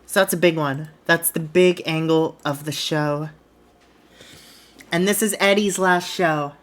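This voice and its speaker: Woman streamer narrating her wrestling booking game, chatty, kinda low voice. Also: steady tone, a little slow. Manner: chatty, retells scenes by acting out quotes. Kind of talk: casual live-stream narration.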